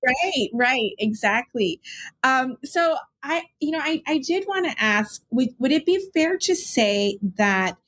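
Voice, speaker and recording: A woman's voice: high voice, lively intonation, takes it slowly, fairly bright tone. A woman hosting a casual interview, asking long, searching questions in a friendly, rambling way. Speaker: podcast host.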